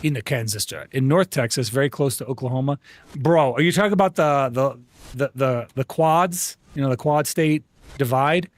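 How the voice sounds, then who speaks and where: A man streaming a game live, chatting casually and greeting viewers by name, with frequent restarts. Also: moderate pace. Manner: rambling restarts, animated jumps in pitch. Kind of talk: casual live-stream chat while gaming.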